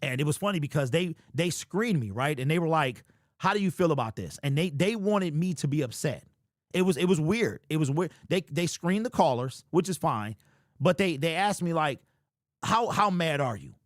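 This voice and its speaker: Hosting a sports show on a livestream, this young man reads viewer super chats and rants in disbelief, exasperated and incredulous, often saying the same thing twice. His slightly high voice is expressive and runs at normal speed. It's studio-quality audio with no echo.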